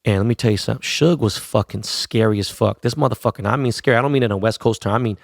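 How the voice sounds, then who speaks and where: Gravelly, profane storyteller man. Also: lowish voice, racing, dry recording, studio quality. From Los Angeles. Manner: profane, slangy, animated. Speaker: podcast host. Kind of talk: casual storytelling.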